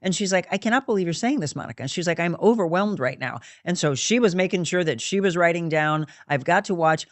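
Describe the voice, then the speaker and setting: A woman hosting a faith-based talk show, telling a story with animated, acted-out dialogue. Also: fairly low pitch, brisk, few pauses, no room sound. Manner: animated, acts out quoted dialogue. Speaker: show host.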